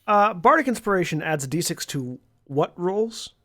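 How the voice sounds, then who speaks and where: A man's voice: high-pitched, sing-song, normal speed, a bit bright, no echo, studio quality. A man playing in a tabletop game, asking rules questions and explaining things step by step with fillers. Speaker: player. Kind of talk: casual tabletop game chat.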